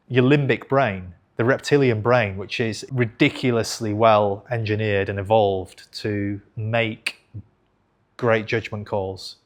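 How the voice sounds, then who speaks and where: Frank man in his thirties. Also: fairly low pitch. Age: 30s. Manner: frank, conversational, swears casually, self-corrects. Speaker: investing channel host. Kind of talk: candid storytelling to camera.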